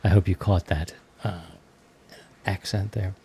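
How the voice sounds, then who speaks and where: Male podcast host, low-pitched, easygoing rambling chat. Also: fairly even intonation, measured pace, warm tone, breathy edge. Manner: loose and rambling, with many fillers. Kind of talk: casual chat.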